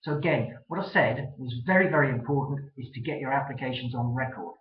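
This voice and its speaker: Brisk advice-giving man, echoey room. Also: mid-range voice. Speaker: trademark attorney guest. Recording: echoey, dull web-video sound.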